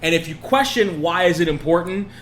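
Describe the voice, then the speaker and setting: A man's voice: a little high, animated, brisk, a bit bright, a little hiss or hum. A man co-hosting a podcast who lays out reasoned counterpoints in a casual debate. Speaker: podcast co-host.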